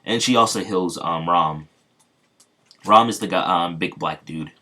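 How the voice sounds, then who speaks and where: A man's voice: low voice, a little slow, bright, forceful tone. A man casually retelling a fan story, rambling with many fillers.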